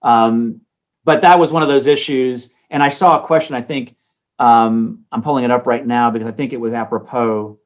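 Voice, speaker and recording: A man's voice: medium pitch, steady tone, moderate pace, lo-fi sound. A man, a bishop, teaching a class in a conversational way, full of ums and anecdotes, over a video call. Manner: conversational, many ums and restarts. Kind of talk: informal lecture with anecdotes.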